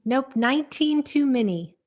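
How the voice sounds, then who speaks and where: A woman's voice: sits high, animated, a little slow, a little mellow. A woman hosting an online webinar in casual chat, chatty and easygoing, trailing off as she fiddles with posts. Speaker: webinar host.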